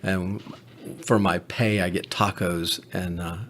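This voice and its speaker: A man's voice: low-pitched, steady tone, takes it slowly, fairly bright tone, slight background noise. A man who is a paramedic, telling candid stories in a podcast conversation, blunt and profane. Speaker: paramedic co-host.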